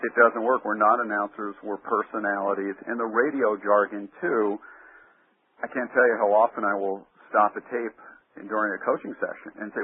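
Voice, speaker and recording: A man with a lowish, husky voice hands out radio hosting advice in short, emphatic bursts. His voice comes through a tinny, phone-like line. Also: steady tone, moderate pace. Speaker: radio talk coach. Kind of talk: interview about talk radio.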